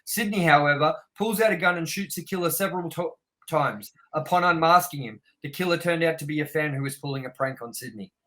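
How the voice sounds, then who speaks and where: A young man trades opinions on a film with a co-host, reading trivia aloud in a blunt, animated way. His voice sits a little high and sounds bright. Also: brisk, poor audio. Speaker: podcast co-host. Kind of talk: casual film review chat.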